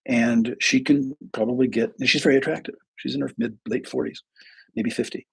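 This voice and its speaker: Gravelly, raspy older man. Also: medium pitch, fairly even intonation, brisk. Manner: rambling, repeats words, many restarts. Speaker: therapist and coach. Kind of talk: livestream talk with storytelling.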